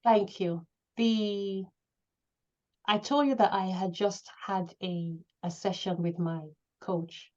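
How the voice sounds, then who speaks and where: A woman coach giving an emphatic motivational talk to an online group, building up to near-shouting. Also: medium pitch, fairly even intonation, slow, highs cut off. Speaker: coach hosting a live session.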